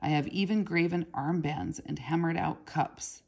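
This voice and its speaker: A woman voicing a proud, grieving goldsmith's son who speaks curtly, in a low, husky, gravelly voice. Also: moderate pace, a little mellow. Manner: curt, brusque, then humble.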